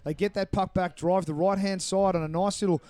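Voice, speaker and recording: Male play-by-play commentator, warm and smooth, slightly high voice, brisk explanatory calls. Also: fairly even intonation, no echo. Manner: brisk, explanatory, apologetic over names. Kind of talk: live sports commentary.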